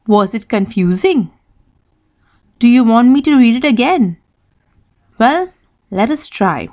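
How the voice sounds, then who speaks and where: Slow, lively woman teaching children. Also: fairly high pitch. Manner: slow, lively, questions to young pupils. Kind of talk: children's English lesson.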